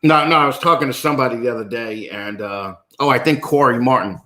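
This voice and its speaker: A man's voice: medium pitch, fast, pushed and bright. A man with a New York accent chatting as a podcast guest, profane and rambling, poking fun at himself. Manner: profane, rambling, self-mocking. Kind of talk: casual chat. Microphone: video call.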